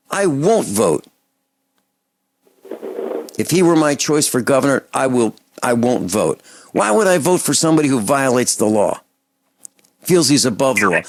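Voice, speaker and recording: Hosting a call-in radio show, a man with a creaky voice delivers an indignant, impassioned rant that lurches from loud outbursts to low muttering. There's no room sound on the recording.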